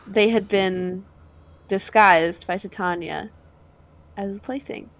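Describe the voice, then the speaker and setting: Slow-talking woman game master. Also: mid-range voice, fairly even intonation, gravelly. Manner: slow, halting narration with fillers. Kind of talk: narrating a tabletop game.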